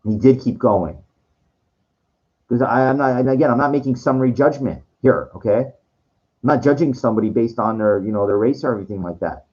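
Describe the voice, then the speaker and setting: A man's voice: mid-range voice, fairly quick, a little mellow, highs cut off. A man talking in a rambling monologue, full of restarts and swearing, sometimes acting out what others said. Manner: quoting others in acted voices. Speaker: streamer.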